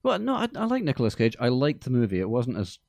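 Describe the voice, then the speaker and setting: A man's voice: medium pitch, huge pitch swings, quick pace, creaky, darkish tone, no echo, clean studio sound. A man hosting a radio show, chatting casually and joking about films. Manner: joking, puts on silly voices in anecdotes. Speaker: radio host. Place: radio studio.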